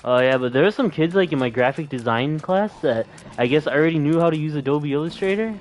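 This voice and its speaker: A man's voice: fairly high pitch, expressive, fast, soft background music. Laid-back young male streamer. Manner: loose and laid-back, swears casually. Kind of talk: casual gameplay chat.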